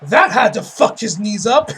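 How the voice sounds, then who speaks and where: A man giving a casual, excitable spoken review, full of swearing and repeated "like" fillers. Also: high-pitched, measured pace, a little hiss or hum. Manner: excitable, profane, heavy use of "like". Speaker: wrestling reviewer.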